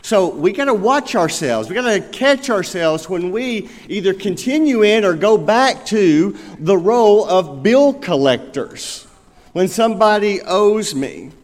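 Preaching in a church sanctuary, a pastor with a high, animated voice takes an unhurried pace. He's earnest and poses rhetorical questions to his listeners, and the recording has the long reverb of a large hall.

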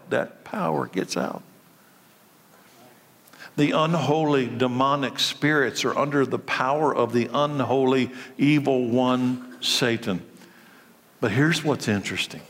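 A man's voice: medium pitch, unhurried, a bit bright. Emphatic male preacher in a reverberant hall. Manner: emphatic, repeating key phrases. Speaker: pastor. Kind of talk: sermon.

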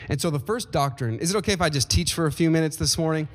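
A man preaching a sermon as pastor, telling a scripture story with animated energy and some fillers. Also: fast talker. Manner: animated storytelling, rising pitch when excited. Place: church sanctuary. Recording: long reverb of a large hall.

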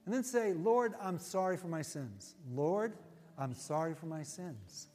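A male pastor preaching a sermon and leading an altar-call prayer, earnest and folksy, repeating his phrases and dropping to a hush as he prays. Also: fairly high pitch, sing-song, slow, long reverb tail, soft background music. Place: church sanctuary.

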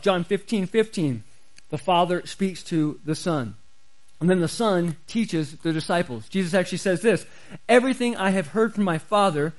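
A man's voice: sits high, poor audio. A man preaching a sermon as pastor, emphatic and repeating key phrases for stress.

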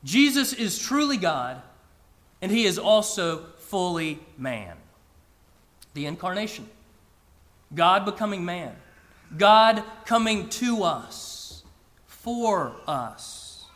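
A man reading scripture and preaching a sermon in a slow, measured way with emphatic pauses. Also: high voice, sing-song, a bit bright, in a large hall.

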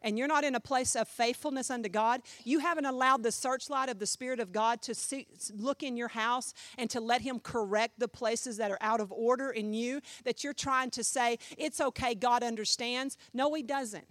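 Woman pastor, high voice, emphatic preaching, dry close sound. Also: moderate pace, hardly any pauses, no echo. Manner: emphatic, rhetorical questions, swings from loud to hushed. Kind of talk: sermon.

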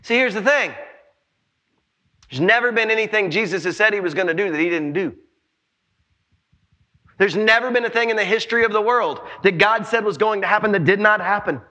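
A man, preaching an animated sermon, shouting in bursts and joking with the congregation. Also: sits high, a little fast, pauses often. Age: 40s. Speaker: pastor.

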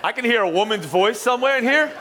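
A man preaching a live sermon as pastor in a church, jokey and energetic, teasing his congregation. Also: very high voice, fast, some chatter behind, a little hiss or hum. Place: church auditorium.

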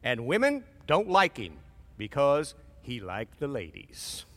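A man's voice: mid-range voice, wildly swooping pitch, slow pace, a bit bright. A pastor preaching a sermon in a casual, conversational way, acting out voices as he goes. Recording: long reverb of a large hall.

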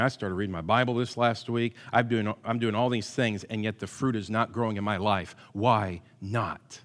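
A male pastor delivering a sermon, swinging between loud emphatic bursts and quiet asides, with self-deprecating humor. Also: on the low side, steady tone, normal speed, hardly any pauses. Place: church hall with long reverb. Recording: hall reverb.

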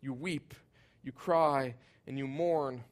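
A man preaching a sermon, earnest and emphatic, his voice swelling loud at high points and sinking soft and low at others. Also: takes it slowly. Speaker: pastor.

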